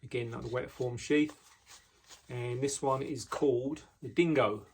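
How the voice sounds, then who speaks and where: A man casually showing the knives he makes, talking in a relaxed way with frequent ums and restarts, indoors in his workshop. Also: medium pitch, moderate pace, a little hiss or hum. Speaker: knife maker. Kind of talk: casual product walkthrough.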